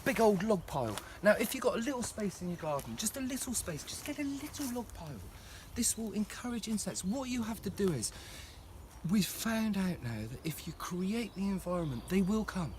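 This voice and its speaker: A man's voice: high voice, lively intonation, brisk, background noise. A man giving a passionate, emotional walking tour of his plant nursery, talking to camera outdoors.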